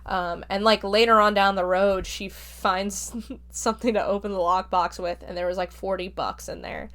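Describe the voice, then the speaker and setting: A woman's voice: mid-range voice, steady tone, normal speed, fairly bright tone. A woman hosting a podcast, casually summarizing a book's plot in a loose, chatty way full of fillers. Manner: chatty, filler-heavy retelling. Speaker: podcast host reviewing a book.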